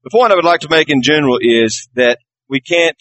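A man delivers a sermon in a slightly higher than usual voice. He speaks earnestly, lifting his pitch for emphasis and letting it fall soft and low to close a thought. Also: expressive, a little fast, dry recording, poor audio. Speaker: pastor.

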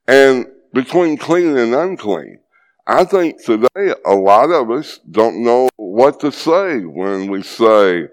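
Male preacher delivering a sermon, unhurried and teacherly, with a lively rise and fall in his voice. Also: mid-range voice. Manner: earnest, teacherly, asks the audience questions.

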